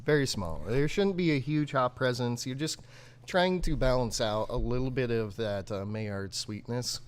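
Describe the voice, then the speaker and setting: A man co-hosting a live brewery stream, chatting casually and excitably with many fillers and laughs. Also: mid-range voice, moderate pace, clear, resonant tone. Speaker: brewery livestream co-host.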